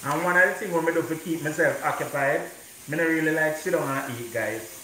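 A man's voice: fairly high pitch, fairly quick, sharp tone, slight background noise. Jamaican man bantering in an echoey kitchen. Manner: patois-heavy, playful banter. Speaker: co-host. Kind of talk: casual chat.

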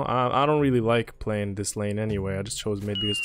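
A man giving loud, profane, trash-talking commentary while playing a video game, his voice swinging between mutters and shouts. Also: lowish voice, fairly even intonation, a little slow, soft background music. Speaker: gaming streamer.

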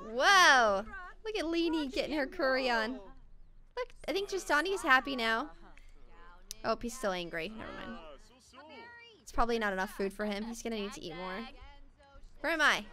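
A high-pitched, bright-toned woman narrates her gameplay in a chatty let's-play style. Her voice swoops up and down with excitement, and she gasps often as things happen on screen. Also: a little fast. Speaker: gaming channel host. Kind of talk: casual let's-play commentary.

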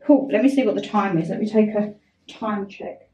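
A woman's voice: mid-range voice, moderate pace, warm tone, faint music behind. A young woman chatting through a getting-ready vlog at home, flustered and self-mocking. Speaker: vlogger.

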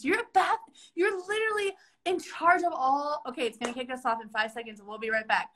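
A woman's voice: high voice, fast talker, fairly bright tone. A young woman hosting an improvised comedy sketch on a live stream, playing a chipper career orientation leader in a bubbly, mock-cheerful way.

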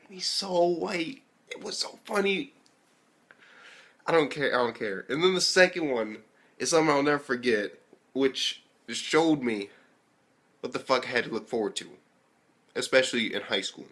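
A young man from the US giving a casual anime review, telling stories animatedly and swearing constantly, jumping between loud outbursts and near-whispered asides. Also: medium pitch, moderate pace. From United States. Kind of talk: casual profane review rant.

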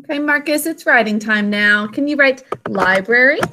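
A woman teacher giving a spelling and phonics lesson, stretching out words slowly as she sounds them out and praising her students. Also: fairly high pitch, noisy background. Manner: slow, drawn-out sounding out of words.

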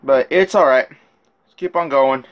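A man with a mid-range voice and a measured pace gives his side of a rap feud in a casual rant, recounting messages. He swears often, rambles, and keeps restarting his sentences. The recording sounds muffled.

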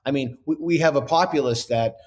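A man's voice: mid-range voice, brisk. Earnest male guest thinking aloud. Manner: earnest, restarts often, reasoning aloud. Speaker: author and guest. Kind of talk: interview conversation.

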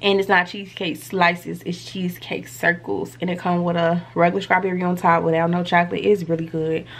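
Animated woman telling a story at home. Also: fairly low pitch, fairly quick, slight background noise. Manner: animated storytelling, lots of slang and cursing. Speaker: vlogger. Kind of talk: casual story time to camera. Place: home, indoors.

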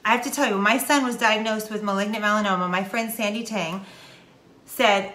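A middle-aged woman with a Texan accent talking straight to camera in a casual, animated, preachy way. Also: medium pitch, brisk. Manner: animated, preachy, folksy with southern slang. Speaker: vlogger. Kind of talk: casual direct-to-camera talk. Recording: echoey room.

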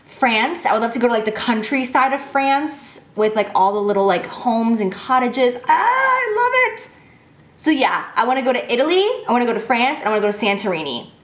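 A woman's voice: on the high side, lively intonation, a little fast, few pauses, echoey room. A woman in her twenties chatting casually and gushing as she answers fan questions, filling her talk with "like". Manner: gushing, bubbly, heavy use of "like". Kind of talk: casual chat.

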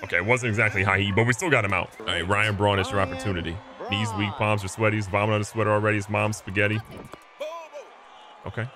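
A young man casually commentating his own baseball video game, excitable and joking, swinging between hype and mock despair. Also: fairly low pitch, fast. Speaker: gaming channel host. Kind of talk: live gameplay commentary.

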